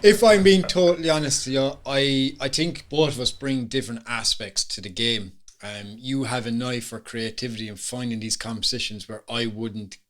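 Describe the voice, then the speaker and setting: Joking Irish podcast co-host. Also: male voice, medium pitch, steady tone, normal speed, hardly any pauses. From Ireland. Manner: joking, self-mocking, chatty. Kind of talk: casual chat.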